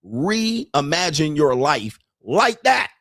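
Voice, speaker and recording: A man hosting a casual commentary show, talking bluntly and profanely, laughing often and rising into animated disbelief. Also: fairly high pitch, slow, dry recording, studio quality. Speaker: podcast host.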